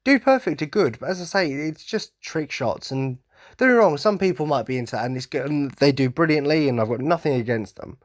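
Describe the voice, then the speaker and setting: A man's voice: fairly high pitch, animated, brisk, dry recording, studio quality. A man hosting a casual solo podcast rant, rambling and going off on tangents, enthusiastic and self-mocking. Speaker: podcast host.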